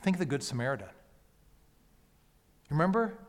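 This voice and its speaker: Male pastor, slightly high voice, preaching a sermon, soft near-whispers and loud calls, long hall reverb. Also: expressive, normal speed. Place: church sanctuary.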